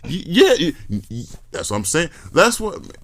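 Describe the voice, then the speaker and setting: A man hosting a podcast in casual conversation, talking in a loose, slangy, profane way with excited jumps in pitch. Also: unhurried. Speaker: podcast host.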